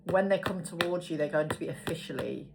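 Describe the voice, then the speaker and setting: Low-voiced woman reading tarot. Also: brisk, vocal fry, noisy background. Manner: chatty, swears casually, interrupts herself. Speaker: tarot reader. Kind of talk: casual tarot card reading. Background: background music.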